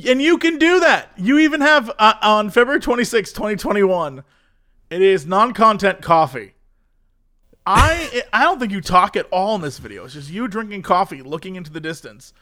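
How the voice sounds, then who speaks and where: A man with a high voice, speaking at normal speed, co-hosts a casual podcast. He's animated as he tells stories and laughs frequently.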